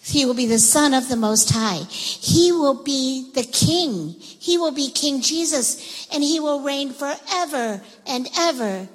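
A woman voicing a joyful male angel making a loud announcement in a children's Bible story. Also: high-pitched, lively intonation, a little slow, in a large hall, voice pushed up. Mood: proclaiming.

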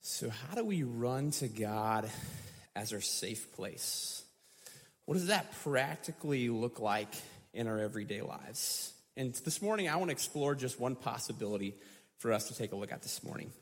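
Brief: male pastor, reflective sermon, mid-pitched, long church reverb. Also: animated, normal speed. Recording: echoey hall.

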